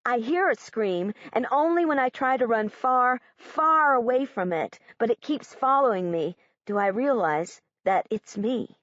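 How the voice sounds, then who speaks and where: A woman's voice: on the high side, lively intonation, a little slow, few pauses, a bit bright, no room sound. A woman narrating an audiobook in the first person as a young girl, in a literal, matter-of-fact way. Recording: dull, dry audiobook recording.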